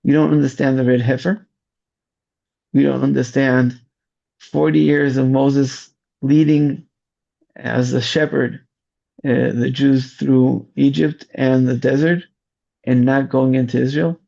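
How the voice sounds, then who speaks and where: Slow, gravelly-voiced man giving testimony. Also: mid-range voice, steady tone, warm tone. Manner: slow, searching storytelling with restarts. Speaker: search and rescue volunteer commander. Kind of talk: interview testimony. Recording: dull lo-fi audio.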